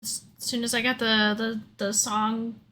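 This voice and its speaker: A woman's voice: a little high, level tone, measured pace, bright, forceful tone, slight background noise. A woman hosting a karaoke live stream, chatting casually and laughing often.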